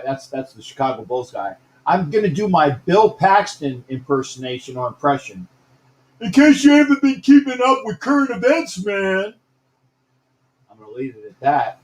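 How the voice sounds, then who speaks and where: A man's voice: sits high, reverberant, rough recording. A man hosting a casual live-streamed sports talk show, rambling, repeating himself and greeting viewers by name.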